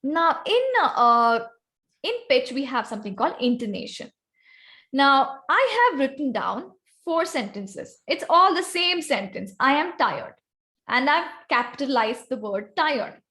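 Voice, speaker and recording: Woman, Indian accent, fairly high voice, workshop presenter, instructive. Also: sing-song, measured pace, bright, forceful tone. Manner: instructive, calls on volunteers by name. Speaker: guest speaker teaching vocal variety. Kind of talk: online club workshop presentation.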